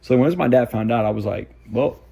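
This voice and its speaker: Gravelly young man, quick casual storytelling. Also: medium pitch, dark tone. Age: 20s. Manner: fast, filler-heavy, lots of "like". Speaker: vlogger.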